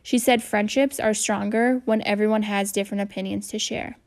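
A gentle, good-natured schoolboy with a soft, reasonable way of talking, read by a woman in her own everyday voice. The tone carries a low gravelly texture. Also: steady tone, fairly quick, lightly acted. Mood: earnest.

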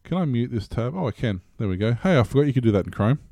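A man's voice: medium pitch, lively intonation, very fast, warm tone. A man in casual chat, explaining things in a loose, rambling way.

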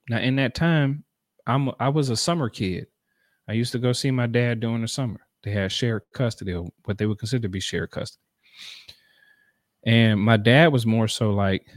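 A man's voice: mid-range voice, fairly even intonation, a little fast, no echo, studio quality. Earnest male storyteller, mid-range voice, conversational and repetitive. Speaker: speaker telling a personal story. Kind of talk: motivational personal storytelling.

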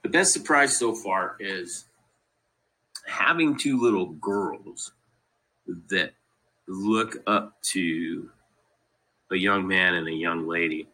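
Speaking slowly with long pauses, this man has a low-pitched, sharp voice, recorded at low quality. The Colorado native is a podcast guest whose casual, wandering family stories come with laughter at the funny moments and a steady stream of "you know."

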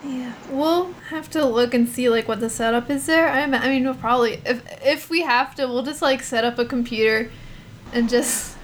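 A young woman hosts a podcast in easygoing chat, her voice a touch high. She laughs easily and rambles, circling back with fillers. A faint noise hums under the recording. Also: normal speed. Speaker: podcast host. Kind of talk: casual chat.

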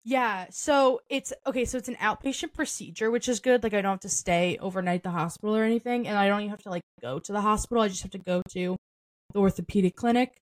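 A woman's voice: mid-range voice, quick pace, dry recording. Chatty young woman, dry studio sound. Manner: chatty, full of "like" and "um" fillers, laughs often. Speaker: podcast co-host. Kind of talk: casual chat.

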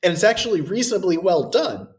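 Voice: medium pitch, sing-song, quick pace. A podcast co-host recapping a horror movie in casual, sarcastic chat and swearing freely.

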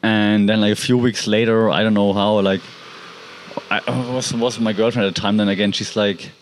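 A man's voice: lowish voice, level tone, normal speed. A man casually telling a personal story about his pet, rambling with lots of "like" and restarts. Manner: rambling, heavy use of "like" and restarts.

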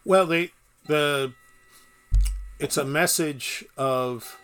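A man's voice: mid-range voice, measured pace, bright, forceful tone. A man explaining scripture in a casual bible study, knowledgeable and explanatory. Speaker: bible teacher.

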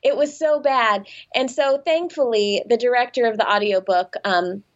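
A woman guest in a casual interview, telling stories in an animated, self-deprecating way and laughing often. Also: on the high side, normal speed, muffled recording.

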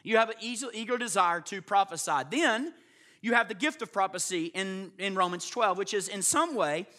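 A man's voice: sits high, lively intonation, normal speed, bright, forceful tone. A man preaching a sermon to a room of pastors, emphatic and constantly checking in with his listeners. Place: live before a room of listeners.

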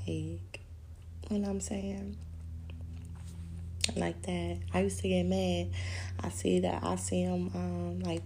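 A woman's voice: mid-range voice, vocal fry, darkish tone, slight background noise. A woman hosting a podcast, talking alone in a rambling, profane, casual way and laughing often. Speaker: podcast host. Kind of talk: casual solo chat.

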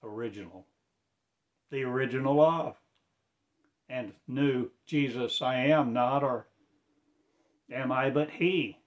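Man, spoken-word performer; slow, halting, incantatory delivery in broken preacher-like phrases, mid-pitched voice. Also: muffled recording.

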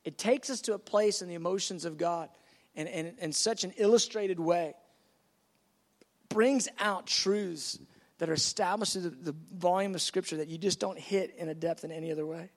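A man preaching a sermon, acting out conversations with God by dropping to a soft, low voice for God's replies and keeping an emphatic, repetitive preaching rhythm. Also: normal speed.

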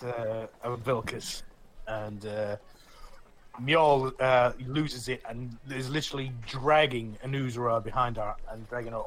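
A man's voice: medium pitch, fairly bright tone, a little hiss or hum. A man narrating as game master of a tabletop role-playing game, rambling with many restarts.

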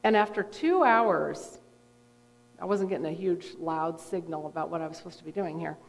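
A middle-aged woman, a therapist and guest speaker, telling a personal story in a conversational, animated way with frequent fillers. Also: lowish voice, normal speed, creaky. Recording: long reverb from a hall.

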